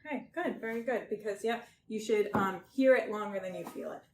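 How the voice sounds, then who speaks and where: A woman in a clinical exam room calmly explains each check as she performs it, gently asking for agreement along the way. Her voice sits at an ordinary middle pitch. The recording sounds roomy, with a faint noise underneath. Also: fairly quick. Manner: gentle, reassuring, often checks in with "okay?". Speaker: examiner doing a health assessment. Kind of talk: step-by-step clinical exam instructions.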